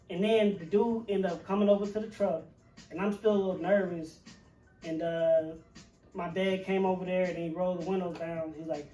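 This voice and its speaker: A man's voice: high-pitched, fairly even intonation, a little fast, dark tone. A man, a chef and podcast co-host, telling a rambling, profane story in casual chat with many fillers. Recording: roomy, distant mic with faint music.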